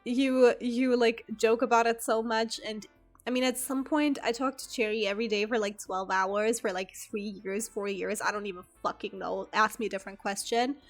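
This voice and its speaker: A woman whose first language is German chats casually on stream, rambling and giggling at her own stories. Her voice sits a little high, and soft music plays faintly in the background. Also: steady tone, normal speed. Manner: rambling, giggly, self-deprecating. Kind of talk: casual chat with stream viewers.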